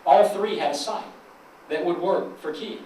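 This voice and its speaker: A man's voice: high voice, moderate pace, warm tone, a little hiss or hum. A man with a Southern US accent giving a folksy, joking conference speech to local officials, drawing the audience into call and response. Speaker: chamber of commerce president, keynote speaker. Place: large conference hall. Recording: echoey hall, from far off.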